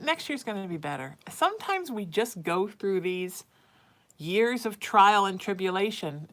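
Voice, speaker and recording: A woman's voice: on the low side, a bit bright. A woman hosting a live psychic reading stream, talking casually and frankly, and drifting into baby talk with her cat between answers. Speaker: psychic show host.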